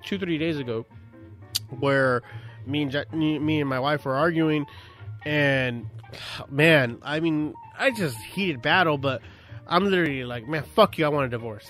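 Man, casual podcast talk, swearing, animated storytelling, slightly high voice, soft music underneath. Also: moderate pace. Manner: profane, animated storytelling with sudden shouted outbursts.

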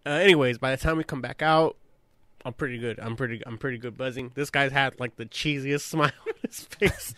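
A man's voice: mid-range voice, brisk, sharp tone, no room sound. A young man from California telling a profane, laughing anecdote in a casual chat.

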